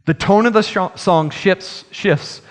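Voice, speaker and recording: A man preaching a sermon in an earnest way, slowing and rising in emphasis on key phrases. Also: high-pitched. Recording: long hall reverb.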